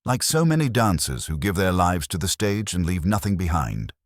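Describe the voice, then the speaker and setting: A man voicing a composed, guarded French female understudy with a soft French accent. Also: low-pitched, sing-song, moderate pace, no echo, clean studio sound.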